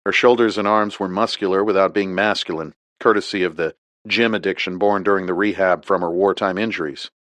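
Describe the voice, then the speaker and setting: Deep-voiced male audiobook narrator. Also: fairly even intonation, fairly quick, fairly bright tone, no echo.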